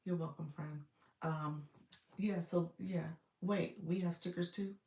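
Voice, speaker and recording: A woman's voice: lowish voice, fairly even intonation, measured pace, dark tone, roomy sound, distant mic. A woman coaching viewers on a casual livestream, chatty and speaking straight to them as she reads out their comments. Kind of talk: casual live-stream coaching.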